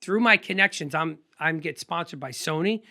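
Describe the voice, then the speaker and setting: Male podcast guest, high bright voice, lively rambling storyteller. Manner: energetic, rambling, quick anecdotes with laughs. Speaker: guest photographer. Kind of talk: casual storytelling interview.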